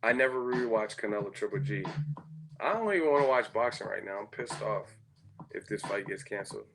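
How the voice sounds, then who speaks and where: A man's voice: fairly low pitch, lively intonation, brisk, creaky, noisy background. A man hosting a live-stream chat, rambling and profane as he riffs on viewer comments. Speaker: host.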